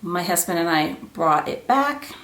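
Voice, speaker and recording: A woman vlogger telling a story to camera in a chatty, animated way, acting out the lines of people in it. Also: fairly low pitch, measured pace, roomy sound. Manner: chatty, animated, acts out quoted dialogue. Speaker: jewelry and luxury vlogger.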